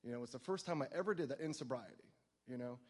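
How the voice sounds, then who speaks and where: A man's voice: medium pitch, quick pace, slightly rough, in a large hall. Rambling, self-mocking man sharing at a meeting. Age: adult, no longer young. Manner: rambling, self-mocking, heavy use of "like" and "you know". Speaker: speaker at a recovery meeting. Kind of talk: personal recovery story told to a meeting. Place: recovery group meeting.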